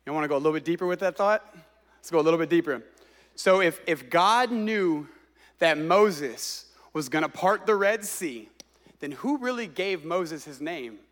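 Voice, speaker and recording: A man's voice: fairly high pitch, expressive, normal speed, fairly bright tone. A man preaching a sermon with passion, exclaiming and repeating phrases for emphasis.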